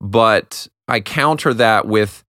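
A man in his thirties hosting a reflective solo talk, candid and self-deprecating, with animated asides. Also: on the low side, slow pace, dry recording, studio quality. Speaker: podcast host.

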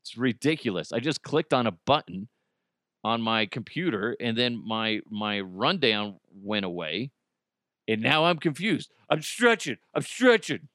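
Blunt, profane podcast host with bright voice. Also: male voice, on the low side, expressive, measured pace, dry recording, studio quality. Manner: profane, blunt, self-mocking, laughs often. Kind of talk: casual solo podcast rant.

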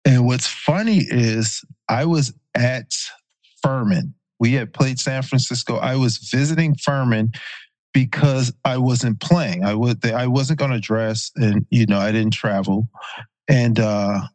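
A man's voice: mid-range voice, measured pace, no echo. Dry-voiced man telling a story. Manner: relaxed anecdotal retelling with fillers and self-corrections. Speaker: podcast guest, former pro football player. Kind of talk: casual storytelling.

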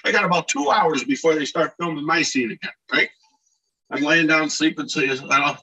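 A middle-aged man from Scranton telling animated anecdotes in a casual podcast chat, acting out shouted quotes. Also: fairly high pitch, normal speed, breathy edge, recorded from a distance, low-quality recording. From Scranton, Pennsylvania. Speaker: podcast guest, actor and DJ. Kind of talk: casual storytelling.

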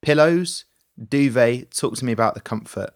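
A man's voice: medium pitch, animated, moderate pace, dry recording. A man co-hosting a podcast, teasing his friend with jokey questions. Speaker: podcast co-host. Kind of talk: casual chat.

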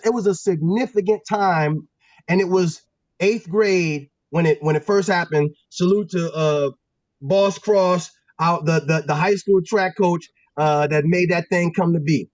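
A man from Pennsylvania, a former football player and guest, telling stories in a casual, animated, slangy way with lots of restarts. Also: high-pitched, a little slow, no echo, highs cut off. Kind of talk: casual storytelling.

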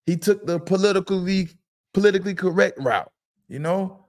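A man's voice: high voice, normal speed. Emphatic middle-aged man talking football. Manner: emphatic storyteller who repeats phrases. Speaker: podcast co-host, former football player. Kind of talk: casual sports talk.

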